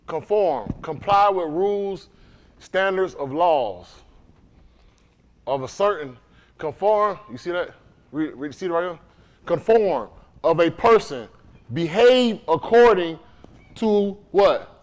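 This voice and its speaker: Male preacher from Florida, high voice with lively, sweeping pitch, casual sermon delivery. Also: slow, pauses often. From Dade County, Florida. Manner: animated, conversational, acts out others' voices.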